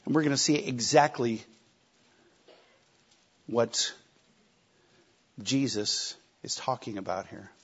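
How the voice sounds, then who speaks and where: A man preaching a sermon, emphatic, with rhetorical questions and shifting loudness. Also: medium pitch, takes it slowly, pauses often, slightly rough. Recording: slightly dull lo-fi recording.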